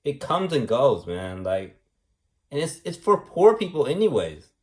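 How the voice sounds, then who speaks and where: A man rambles through a slow, preachy lecture, repeating points over and over. His pitch sits in a middle range, and he keeps tagging his lines with "man" and "right?". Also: sing-song. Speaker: vlogger. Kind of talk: rambling monologue.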